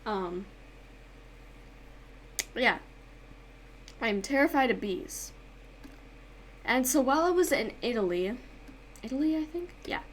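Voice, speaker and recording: A woman's voice: a little high, animated, unhurried, long pauses. Chatty young woman drawing and rambling. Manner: chatty, reads chat aloud, storytelling with dramatic screams. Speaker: art and gaming YouTuber. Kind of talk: casual chat while drawing on stream. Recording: faint background noise.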